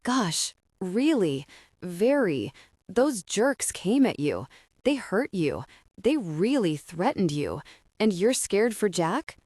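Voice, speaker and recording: A woman voicing a commanding, protective male billionaire who speaks slowly with controlled anger. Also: mid-range voice, sing-song, a little mellow, no room sound, clean studio sound. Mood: incredulous.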